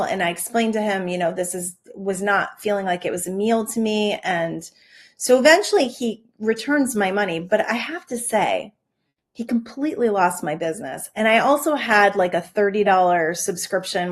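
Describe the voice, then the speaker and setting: A middle-aged woman hosting a podcast, telling a story in a chatty, animated way, often acting out what she said in asides. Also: medium pitch, moderate pace. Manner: chatty, animated, many "like" fillers and quoted asides. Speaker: podcast host. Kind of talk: casual storytelling monologue.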